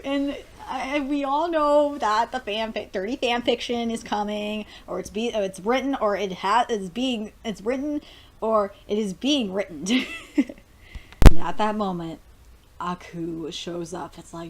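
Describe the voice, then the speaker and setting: Young woman gushing over a cartoon ep, laughs a lot, swears, kinda high voice. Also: lively intonation, a little slow. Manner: gushing, laughing often, swears freely, quotes characters. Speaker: show reviewer. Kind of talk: excited casual episode review.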